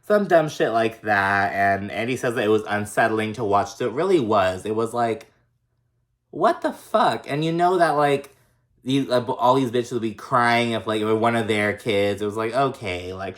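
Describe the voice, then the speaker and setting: A man's voice: lowish voice, fairly bright tone. A man casually recapping a reality TV episode, chatty and profane, full of likes and ums, with sassy, exasperated asides.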